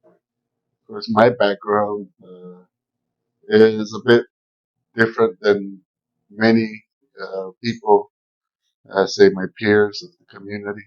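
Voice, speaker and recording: A man in his fifties from the Zuni area, talking in a casual interview outdoors, slow and hesitant with many fillers. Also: fairly low pitch, level tone, lo-fi sound. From New Mexico, Zuni area. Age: 50s. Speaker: guest, cultural guide. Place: outdoors at an old village site.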